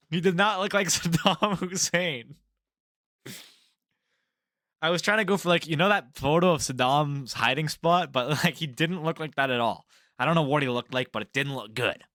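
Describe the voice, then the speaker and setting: A man's voice: on the high side, animated, normal speed, bright, forceful tone, no room sound, clean studio sound. A young man giving casual, rambling fight predictions, swearing freely and laughing at his own jokes. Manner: rambling, profane, laughs at himself. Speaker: MMA prediction vlogger.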